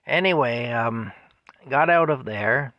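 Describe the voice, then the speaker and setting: A man's voice: medium pitch, takes it slowly, dry recording, highs cut off. A man casually telling a rambling story at home, with chuckles and fillers. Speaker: vlogger telling stories.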